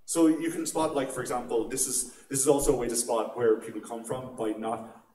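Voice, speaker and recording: A man's voice: mid-range voice, steady tone, brisk, dark tone, slight background noise. Joking Irish man in an echoey hall. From Ireland. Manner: jokey and conversational, with frequent "right?" asides. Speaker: conference speaker. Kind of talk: humorous security talk. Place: large conference atrium. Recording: echoey hall, mic at a distance.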